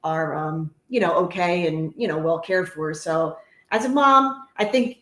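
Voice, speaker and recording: A woman's voice: on the low side, a little slow, fairly bright tone. A middle-aged woman with a New Jersey accent co-hosting a podcast, blunt and outspoken, swearing freely in casual talk. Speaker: podcast co-host. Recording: echoey room.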